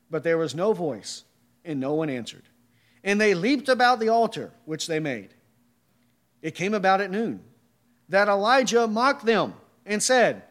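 High-voiced man preaching a sermon. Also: animated, moderate pace. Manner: rhetorical questions, emphatic.

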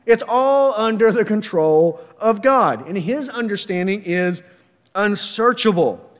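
A man's voice: high-pitched, animated, measured pace, big-room sound. A man preaching a sermon emphatically, reading verses and firing rhetorical questions.

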